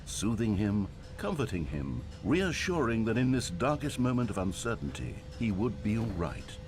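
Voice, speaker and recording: Over music, a man with a lowish, very animated voice speaks at normal speed, playing a wry, all-knowing adult storyteller narrator in a video game. His narration has a dry, mock-dramatic delivery.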